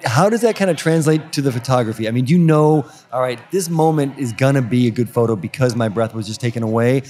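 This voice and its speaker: A man of middle pitch hosts a podcast interview. He asks long, winding questions, starting over and restarting as he goes. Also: quick pace, a little mellow. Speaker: podcast host. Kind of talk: conversational interview.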